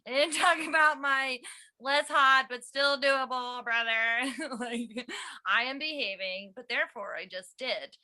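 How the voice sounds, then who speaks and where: A woman's voice: high-pitched, unhurried, pushed and bright. A woman from West Virginia hosting and doing stand-up at an online comedy night, rambling and giggling through self-deprecating jokes. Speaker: comedian and show host. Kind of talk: stand-up set. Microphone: online show, own mic.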